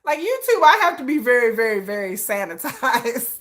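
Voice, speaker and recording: Chatting with her livestream audience, a woman host rambles and laughs, cursing freely and using Southern-tinged slang. She speaks unhurriedly in a fairly high voice whose pitch swings widely.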